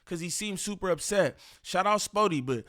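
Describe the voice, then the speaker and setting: A man's voice: high voice, expressive, normal speed, fairly bright tone. A man giving casual reaction commentary, slangy and repetitive as he talks. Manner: casual, slangy, repeats himself.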